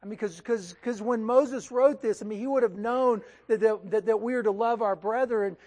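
A male pastor preaching a sermon in a lively, conversational way, often checking in with his listeners and restarting his phrases. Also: sits high, normal speed.

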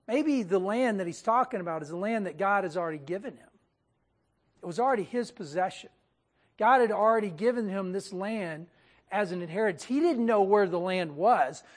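A woman teaching a casual Bible study, talking straight to her group in an animated, conversational way. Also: medium pitch, moderate pace, long pauses.

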